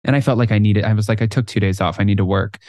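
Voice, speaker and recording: A man's voice: fairly low pitch, rapid-fire, no room sound. Podcast guy, dry close mic, acts out everyone in his stories. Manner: animated storyteller, acts out quotes. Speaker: podcast co-host. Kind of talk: casual chat.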